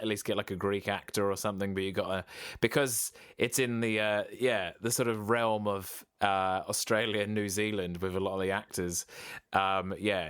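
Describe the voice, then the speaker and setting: A podcast co-host with a fairly low, fairly bright, clear and resonant voice chats casually, rambling and hesitating with lots of fillers and restarts. The sound is clean studio quality with no room echo.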